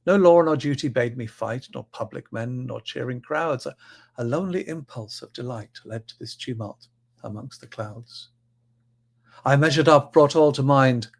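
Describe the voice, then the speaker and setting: Guy doing a young irish airman, calm about dying, slow solemn verse. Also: medium pitch, gravelly. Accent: Irish, put on. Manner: solemn measured verse recital. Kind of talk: poetry recital.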